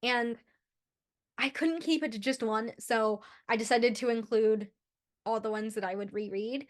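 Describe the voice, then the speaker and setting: A young woman running a book vlog chats casually about books, gushing over favorite quotes and often restarting her sentences. Her voice is a little high and a little slow.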